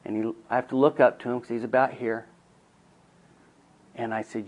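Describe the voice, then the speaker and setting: A middle-aged man giving a teaching talk to counselors, telling a family story in an earnest way that moves from hushed to emphatic. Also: medium pitch, level tone, normal speed, low-quality recording.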